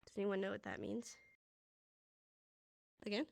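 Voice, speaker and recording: A woman's voice: mid-range voice, flat delivery, a little slow, gravelly, darkish tone, no room sound. A woman teaching a casual sign language class in a virtual classroom, upbeat and chatty, laughing often as she walks learners through hand motions.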